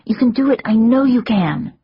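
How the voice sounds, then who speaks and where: A woman's voice: fairly high pitch, expressive, moderate pace, husky, highs cut off, voice pushed up. A woman voicing a young woman urgently coaxing someone through pain, in an audiobook.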